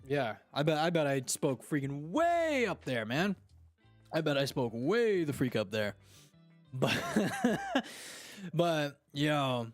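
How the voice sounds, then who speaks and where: A man hosting a casual podcast and reading live chat, talking in a slangy, animated way. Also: on the high side, slow, no echo, faint music behind. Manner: slangy and animated, fond of "dude" and "freaking".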